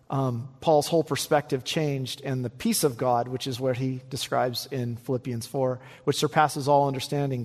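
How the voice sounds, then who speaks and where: A male pastor delivering a sermon, swinging between emphatic raised peaks and quiet, low passages. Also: in a large hall. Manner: animated preaching, rising to emphatic peaks and dropping low.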